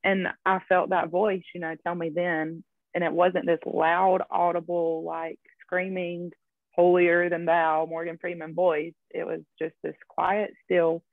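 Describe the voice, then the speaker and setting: A woman's voice: fairly low pitch, little pitch movement, a little slow, no room sound, narrow, tinny audio. A woman guest sharing her faith story in casual interview talk, chatty and full of fillers. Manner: chatty, laughs often, storytelling with many fillers.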